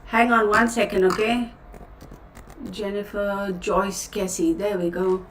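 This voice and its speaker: A woman's voice: medium pitch, flat delivery, slow pace, far from the mic, slight background noise. A woman with a Texan accent hosting a tarot livestream in a chatty, rambling way, often breaking off mid-thought and calling her viewers "y'all". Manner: chatty, self-interrupting, addresses viewers as y'all. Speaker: tarot reader, channel host. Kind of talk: casual livestream chat. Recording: roomy, a bit off-mic.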